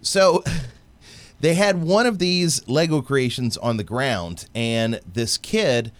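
A man's voice: mid-range voice, slow pace, no echo. A man in his thirties co-hosting a casual podcast, telling stories with plenty of swearing. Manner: profane, animated storytelling. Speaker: podcast co-host. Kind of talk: casual chat.

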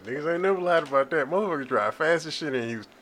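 A man's voice: on the high side, animated, racing, fairly bright tone. A man, co-hosting a casual podcast chat and telling stories in a loose, profane way. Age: 30s. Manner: loose, profane storytelling with lots of laughter. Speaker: podcast co-host.

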